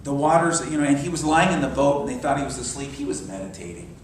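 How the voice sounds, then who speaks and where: Guy in his 60s preaching, goes soft and meditative, big echoey hall. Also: medium pitch, expressive, fast, slight background noise. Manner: storytelling, dropping to soft meditative tones. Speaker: minister. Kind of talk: sermon. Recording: very echoey hall, mic far off.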